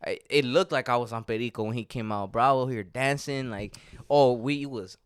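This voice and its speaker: A young man co-hosts a podcast in a casual chat, telling stories with jokes and frequent laughter. His medium-pitched voice is brisk and clean, captured in clean studio sound with no echo.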